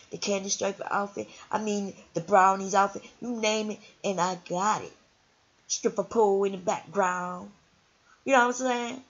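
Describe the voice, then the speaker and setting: A woman hosting her own channel, talking casually and taunting her critics in a sassy, confrontational way. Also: mid-range voice. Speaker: channel host. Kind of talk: casual ranting livestream talk. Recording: dull lo-fi sound.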